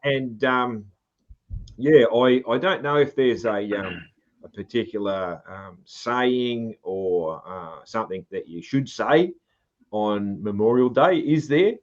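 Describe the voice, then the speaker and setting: A man's voice: mid-range voice, slow. Australian male podcast host, easygoing, a bit lo-fi, rambling with filler words. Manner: relaxed, swears freely, trails off with ums. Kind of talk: casual podcast chat.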